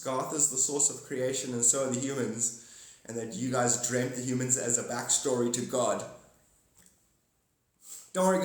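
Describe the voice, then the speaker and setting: A man rambling through playful, speculative musings on a casual livestream, often restarting his sentences. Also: medium pitch. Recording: very echoey room.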